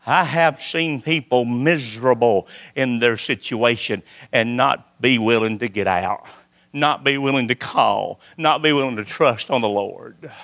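A man preaching a sermon, swinging between loud calls and hushed lines. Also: mid-range voice, unhurried.

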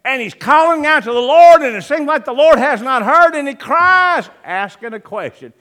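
A male pastor delivers a sermon in a high, bright voice that rises and falls widely. He speaks slowly and deliberately, swinging from loud, emphatic lines to hushed ones, and reads scripture in old-fashioned wording. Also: expressive.

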